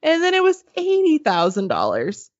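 A woman casually telling a story on a podcast, animated and swearing freely, laughing as she goes. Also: sits high, normal speed. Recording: slightly muffled dry podcast audio.

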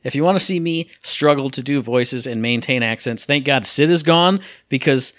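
With a mid-range voice at a moderate pace, this podcast co-host chats casually about video games, acting out sound effects and voices with animation. The studio sound is clean and dry.

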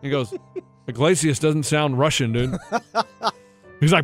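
A man in a relaxed podcast chat, sitting slightly higher than most men's voices. He retells a conversation he overheard and mimics its speakers in a lowered drawl. Faint music runs underneath. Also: slow pace. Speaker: podcast co-host. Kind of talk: casual chat, storytelling.

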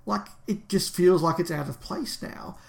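A man's voice: high voice, lively intonation, normal speed, creaky, a little mellow. A man co-hosting a fan podcast, talking enthusiastically and in detail in casual discussion. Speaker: podcast co-host.

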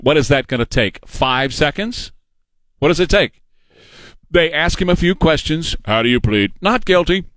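A man's voice: on the high side, a bit bright, dry recording. A man hosting a talk radio news show, reading stories and giving sarcastic, opinionated commentary. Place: radio studio. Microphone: studio microphone.

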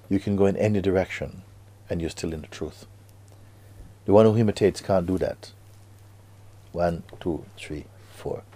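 Deep husky-voiced spiritual teacher. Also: male voice. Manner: slow, hushed delivery with sudden emphatic rises. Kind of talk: spiritual talk.

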